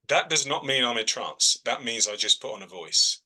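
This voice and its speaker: A man's voice: medium pitch, animated, normal speed, few pauses, bright, forceful tone, rough recording. A man who works as a trance medium, answering students' questions in a chatty teaching manner. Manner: chatty, frequent "all right?" check-ins. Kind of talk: relaxed teaching in a video call.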